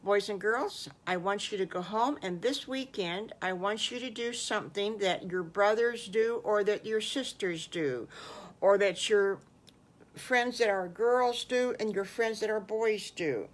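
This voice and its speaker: A woman's voice: medium pitch, measured pace, lightly acted. An older woman voicing a friendly, encouraging schoolteacher. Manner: instructive, encouraging.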